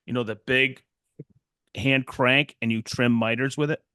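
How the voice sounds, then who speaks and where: Podcast co-host, middle-aged, rambly storyteller, dry close sound. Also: male voice, mid-range voice, unhurried, no echo. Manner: rambling, animated, quotes people in voices. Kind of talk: casual storytelling chat.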